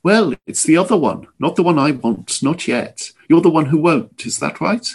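A man's voice: a little high, lively intonation, normal speed, creaky, slightly rough, pitched above the performer's own voice, heavily acted. A man voicing an old male shapeshifter who speaks in a bubbling, scalding, mocking voice. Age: older. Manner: menacing, commanding.

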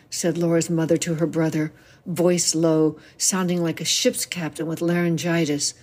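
A woman's voice: sits low, normal speed. A woman in her seventies, a novelist, expressively reading a passage from her own book aloud. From United States. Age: 70s. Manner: expressive storytelling reading with voiced quotes.

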